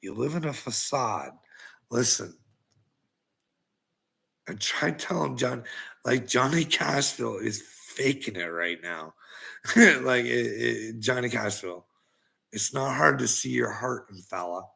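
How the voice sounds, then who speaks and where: Gravelly, mocking man ranting at critics. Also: medium pitch, animated, takes it slowly, long pauses, sharp tone. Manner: taunting and mocking, laughing often; profane. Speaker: online video creator.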